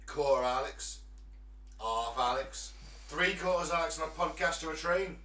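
A man's voice: on the high side, normal speed, sharp tone, distant mic. A man hosting a casual comedy podcast, jokey and rambling as he tells stories. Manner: jokey and rambling, with filler restarts. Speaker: podcast host. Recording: echoey room, a bit off-mic.

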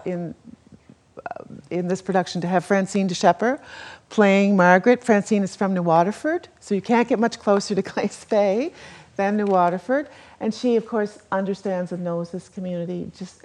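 Chatty woman director talking onstage. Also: medium pitch. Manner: chatty, animated, many restarts. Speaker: theatre director. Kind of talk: onstage interview talk. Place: theatre stage before an audience.

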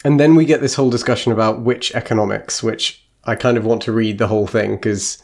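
A man's voice: on the low side, steady tone, fairly quick, creaky, darkish tone. Guy rambling about a book on a podcast, swears a bit, lots of ums. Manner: chatty, sweary, lots of fillers and tangents. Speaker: podcast co-host. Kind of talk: casual book discussion.

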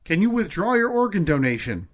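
A man's voice: sits high, sing-song, fairly quick. A man co-hosting a podcast in casual chat, reading out poll results and laughing easily. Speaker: podcast co-host.

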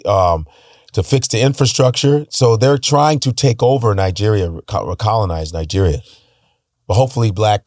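A man's voice: fairly low pitch, darkish tone, dry recording, clean studio sound. A man talking in a loose, profane casual chat, breaking into voices and accents now and then. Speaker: stand-up comedian guest.

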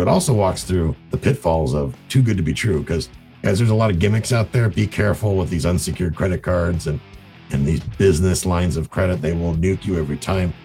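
A man teaching real estate investing in a casual, animated way, acting out conversations in raised voices. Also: deep voice, creaky. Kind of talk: casual teaching talk to camera.

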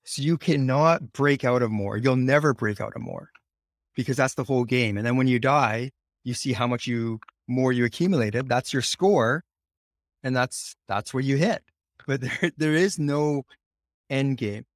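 A man speaking as a podcast guest, explaining ideas in a reflective, unhurried way with pauses. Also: mid-range voice, no room sound, studio quality. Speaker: podcast guest on money mindset. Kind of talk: casual podcast conversation.

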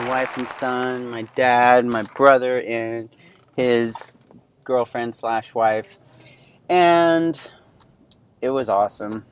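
A man's voice: medium pitch, a bit bright. Rambling man in his thirties hosting. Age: 30s. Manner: rambling, many fillers and restarts. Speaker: podcast host. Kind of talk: casual personal storytelling.

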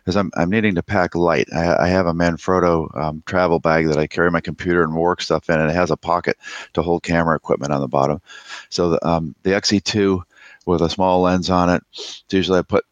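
A man co-hosting a podcast, chatting in a relaxed, rambling way with many fillers. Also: deep voice, no echo. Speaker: podcast co-host. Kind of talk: casual chat. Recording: dull lo-fi sound.

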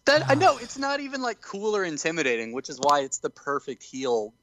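A man hosting a podcast, telling a story with animated enthusiasm in casual chat. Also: on the high side, fairly quick, no echo, poor audio. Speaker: podcast host.

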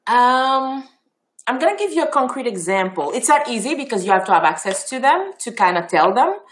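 A woman from Haiti with a Haitian accent, a native Creole speaker, answering interview questions in an animated, expressive way with many ums and restarts. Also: on the high side, fairly quick. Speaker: festival founder, interview guest.

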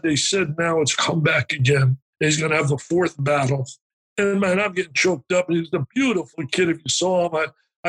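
A man, a motivational speaker, telling an emotional story as an interview guest, animated and emphatic, acting out the dialogue as he goes. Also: on the high side, husky, low-quality recording.

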